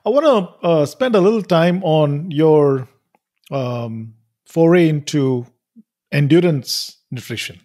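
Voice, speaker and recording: A man's voice: fairly high pitch, animated, slow pace, warm tone. A man hosting an interview podcast, speaking casually with frequent restarts and affirmations. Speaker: podcast host.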